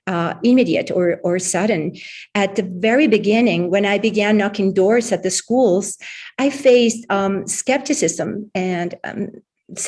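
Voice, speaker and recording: A woman answering interview questions thoughtfully, with many pauses and repeated words. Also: mid-range voice, a little mellow. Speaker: workshop founder answering questions.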